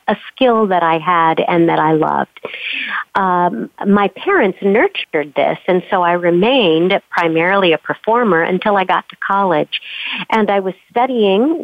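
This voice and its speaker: A woman's voice: lowish voice, dry recording. A woman voice coach, a guest on a talk show, telling her story in a chatty way. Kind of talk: interview answers. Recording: tinny phone line.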